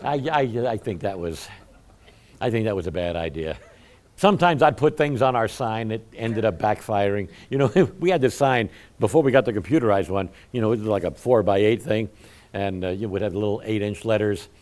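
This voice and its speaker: Speaking briskly in a fairly low voice, a male pastor delivers a chatty sermon. He tells animated, funny stories that poke fun at himself and addresses the congregation head-on.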